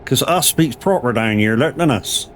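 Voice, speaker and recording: A man's voice: mid-range voice, lively intonation, moderate pace, a little hiss or hum, natural voice. A man putting on an exaggerated West Country accent as a cheeky rustic local. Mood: teasing. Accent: exaggerated West Country English. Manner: teasing, exaggerated dialect.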